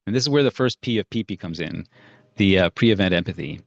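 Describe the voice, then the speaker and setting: A man with a lowish voice leading a workshop in a loose, conversational way. He tells stories and restarts his sentences as he goes. The recording is dull and lo-fi, with a dry sound. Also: expressive, fairly quick, no room sound. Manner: conversational, storytelling, frequent fillers and restarts. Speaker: parenting workshop leader. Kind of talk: casual workshop teaching.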